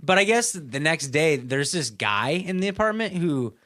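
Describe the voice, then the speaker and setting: A podcast co-host with a fairly high voice tells a story at normal speed in casual conversation. Animated and foul-mouthed, he acts out people's quotes.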